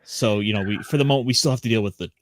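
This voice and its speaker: A man hosting a casual anime talk show, relaxed and jokey as he steers the conversation. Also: fairly low pitch, rapid-fire, dry recording, clean studio sound. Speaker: podcast host. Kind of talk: casual chat.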